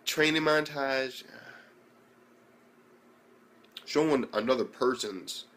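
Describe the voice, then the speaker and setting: A man's voice: medium pitch, slow, a bit bright. A man giving a casual, rambling video review of an anime, swearing constantly and acting out the scenes as he goes. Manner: profane, rambling, acts out scenes.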